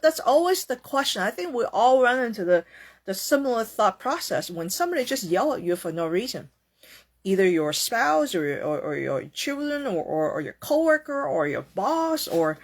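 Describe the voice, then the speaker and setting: A woman hosting a casual self-help talk, often ending her points with "okay?" or "right?" and acting out quoted reactions in a higher voice. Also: very animated, moderate pace. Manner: tags sentences with "okay?" and "right?". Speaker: host.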